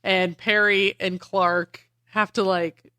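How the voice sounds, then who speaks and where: A woman's voice: medium pitch, level tone, slow, bright, forceful tone, no room sound, studio quality. A woman co-hosting a podcast, animatedly retelling a comic book plot with lots of "like" and casual swearing. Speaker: podcast co-host. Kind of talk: casual chat recapping a comic.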